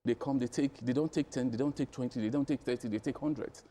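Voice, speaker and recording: A man speaking as a guest on a news panel, measured at first and then building to pointed questions. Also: mid-range voice, fairly even intonation, warm tone. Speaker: studio guest commentator.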